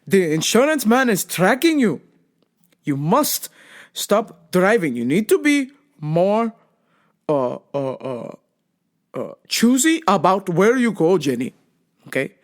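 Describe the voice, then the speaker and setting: A woman's voice: medium pitch, very animated, slow. A woman imitating her elderly father as he lectures sternly and repeats himself. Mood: lecturing.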